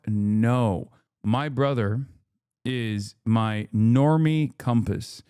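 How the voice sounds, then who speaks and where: A man's voice: medium pitch, very slow, warm tone, clean tone, dry recording, studio quality. A man giving emphatic, profane reaction commentary on a live stream, repeating points for emphasis.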